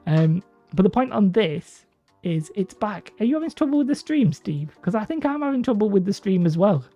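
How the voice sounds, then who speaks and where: A woman's voice: mid-range voice, very animated, normal speed, dark tone. A woman hosting a hobby livestream, chatting casually with viewers and rambling between laughs. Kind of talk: casual livestream chat reading viewer comments. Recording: dull lo-fi stream audio with faint music.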